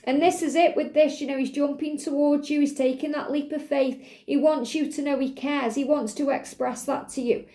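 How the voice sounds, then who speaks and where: A woman's voice: sits high, steady tone, moderate pace, few pauses, mellow, roomy sound. A woman doing a guided card reading for viewers, speaking in a soothing, repetitive way and addressing the listener directly. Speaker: tarot card reader.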